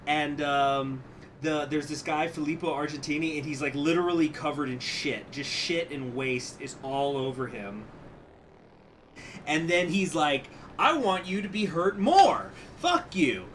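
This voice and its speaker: A man's voice: on the high side, steady tone, measured pace, fairly bright tone, slight background noise. A man chatting casually on a game stream, rambling, swearing, and animatedly retelling what he has been reading. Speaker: gaming streamer. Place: home room.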